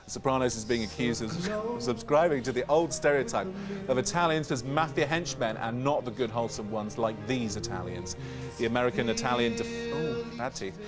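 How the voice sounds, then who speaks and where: A man's voice: medium pitch, brisk, over loud music. A man hosting a gossip news show, jokey and self-mocking as he banters with his guests. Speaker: host. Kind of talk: chatty showbiz news presenting.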